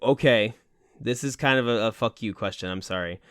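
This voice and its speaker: A man co-hosting a podcast in casual chat, quick and laughing often, swearing freely. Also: fairly low pitch, a bit bright, smooth, no room sound, clean studio sound. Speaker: podcast co-host.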